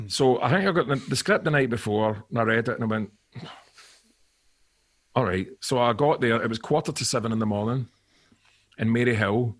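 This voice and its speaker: A Scottish man in his forties, a guest actor on a podcast, telling animated stories and laughing often in casual chat. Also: medium pitch, normal speed, long pauses.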